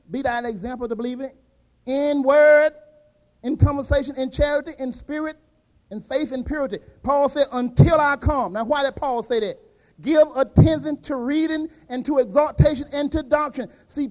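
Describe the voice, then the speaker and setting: An older man preaching a fervent sermon, dropping to quiet asides and rising to shouted peaks. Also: very high voice, dull audio.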